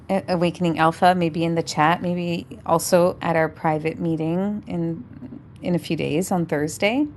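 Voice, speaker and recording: A woman's voice: lowish voice, a little hiss or hum. A woman from Canada chatting enthusiastically and rambling a little on a casual livestream.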